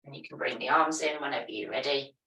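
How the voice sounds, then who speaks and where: A woman teaching a yoga class, giving calm, step-by-step movement and breathing cues. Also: very deep voice, fast. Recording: echoey room, voice from a distance.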